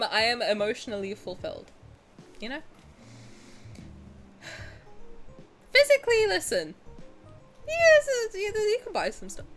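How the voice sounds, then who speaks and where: Young woman streamer, casual reaction chat, bubbly and laugh-prone. Slightly high voice, faint music under. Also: fairly bright tone. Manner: bubbly, gushing, often breaks into laughter.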